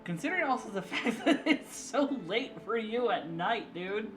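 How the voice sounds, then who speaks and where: With clear background music behind him, a young streamer and artist hosts a casual live-stream chat, laughing a lot and keen to explain things. He speaks at a moderate pace in a high-pitched, animated voice.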